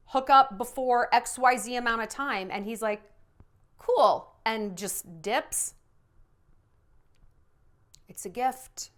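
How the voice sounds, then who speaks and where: A woman's voice: a little high, a bit bright. A woman in her thirties giving blunt, sassy dating advice straight to the viewer, acting out quoted voices with big swings. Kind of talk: direct-to-camera advice talk.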